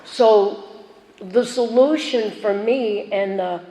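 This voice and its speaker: Taking it slowly, a woman with a warm, medium-pitched voice tells her own story at a recovery meeting. She's chatty, jokes, and mocks herself, while the echoey meeting hall carries faint background noise.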